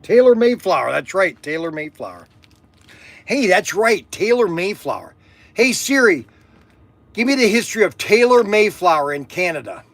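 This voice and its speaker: A man's voice: high-pitched, big pitch swings, moderate pace, fairly bright tone, no echo. An older man hosting a toy shop video, chatting casually with rambling jokes and restarts. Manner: rambling, joking, self-interrupting. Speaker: host of a toy shop channel. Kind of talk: casual chat on camera.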